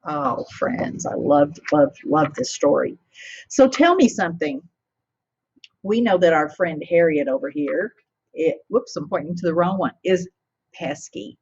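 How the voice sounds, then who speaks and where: Slow, breathy woman teacher reading aloud. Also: sits low, animated, lo-fi sound. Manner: warmly interactive, asking children questions. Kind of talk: reading a picture book to children.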